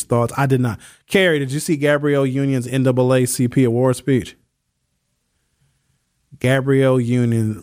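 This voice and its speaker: A man hosts a talk radio show from a dry, close-miked studio. He tells stories in loose, slangy speech and reads listener texts aloud. His voice sits at a middle pitch for a man. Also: darkish tone, no echo. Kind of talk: casual talk radio monologue. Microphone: studio microphone.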